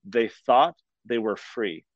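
A man's voice: medium pitch, slow pace, dry recording. Earnest male author, dull dry sound. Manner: earnest, storytelling, uses fillers. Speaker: author and guest. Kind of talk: conversational interview.

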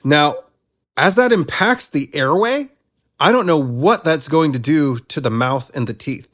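A man working as a breathwork coach, talking casually in an interview, animated and self-deprecating with frequent restarts. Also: fairly high pitch, unhurried.

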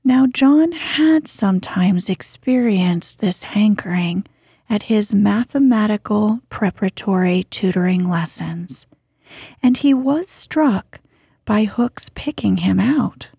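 A woman reading a children's story aloud with gentle, expressive narration. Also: medium pitch, slow pace, creaky, breathy edge, dry recording, clean studio sound. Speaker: reader.

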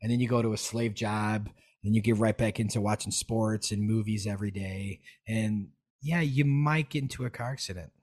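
A man talking as a podcast guest, animated and emphatic, swearing freely as he makes his points. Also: on the low side, normal speed, hardly any pauses. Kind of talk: casual podcast conversation.

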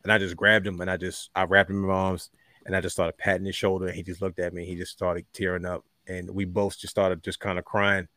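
A man hosting a casual podcast chat, heartfelt and unhurried, with many fillers and pauses. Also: low voice, little pitch movement, bright, forceful tone, no room sound, clean studio sound. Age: adult with a young son. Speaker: podcast host.

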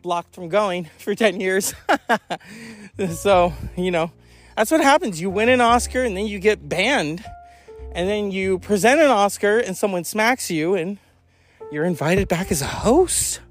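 Male podcast host, high voice, rambling and candid, swears freely, faint music underneath. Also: expressive, measured pace. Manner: rambling, candid, profane, with sighs and yawns. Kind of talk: casual monologue.

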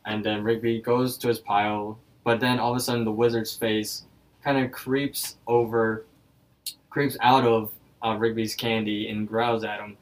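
A man's voice: lowish voice, level tone, moderate pace, recorded from a distance, poor audio. A man co-hosting a podcast, chatting through a story and leaning on "like" as filler. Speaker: podcast co-host. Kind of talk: casual episode recap.

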